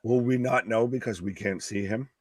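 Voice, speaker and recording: A man's voice: mid-range voice, moderate pace, darkish tone, dry recording, clean studio sound. A man co-hosting a wrestling live stream in casual chat, sarcastic and joking.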